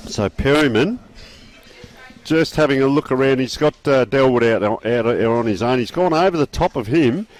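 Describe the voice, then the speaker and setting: A man with an Australian accent calling a local football match live, chatty and relaxed with folksy asides. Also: mid-range voice, moderate pace. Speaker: football commentator. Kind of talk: live sports commentary.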